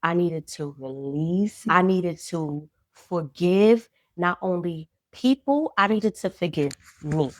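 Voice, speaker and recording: A woman's voice: lowish voice, slow pace, hardly any pauses, no echo, studio quality. A woman guest on a podcast, earnestly and reflectively telling her own story of loss, faith and healing. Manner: earnest, reflective, talks through grief and faith. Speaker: guest, clothing brand founder. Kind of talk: candid personal storytelling.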